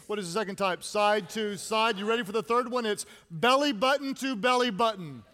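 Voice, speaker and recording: A man's voice: extremely high pitch, sharp tone. A man preaching a playful sermon, joking and calling for responses from the congregation. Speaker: pastor.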